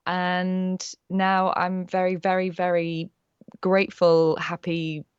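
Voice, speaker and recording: A woman's voice: on the low side, completely flat delivery, takes it slowly, clean tone, no echo, muffled recording. A young adult woman from Wales, a voice actor, chatting in a casual interview with a faint Welsh accent and a bubbly, enthusiastic manner. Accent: faint Welsh, mostly neutral British. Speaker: voice actor guest.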